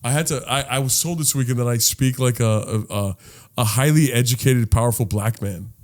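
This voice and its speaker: A young man co-hosting a casual comedy podcast, talking in slangy, swearing bursts that keep leaping up in excitement. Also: a little fast. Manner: animated, slangy, swears a lot, excitable jumps into high pitch. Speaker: podcast co-host.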